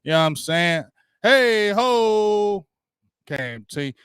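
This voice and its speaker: A man with a fairly high, pushed, bright voice hosts a casual sports livestream, talking a little fast, hyped and full of slang as he greets viewers by name when they join. The tone is clean, with no room sound and a clean studio quality.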